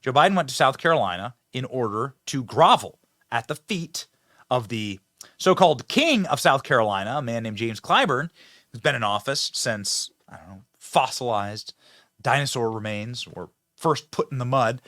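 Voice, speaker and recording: A man's voice: mid-range voice, lively intonation, moderate pace, pushed and bright, dry recording, clean studio sound. A man hosting a mocking political commentary video, talking sarcastically and laughing at the clips he shows.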